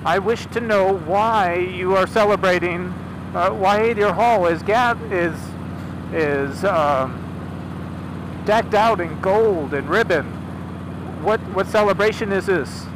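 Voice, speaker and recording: A man's voice: high-pitched, takes it slowly. A man voicing an old male chief god who talks bluntly and casually, over car engine noise. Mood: demanding. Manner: blunt, casual modern talk.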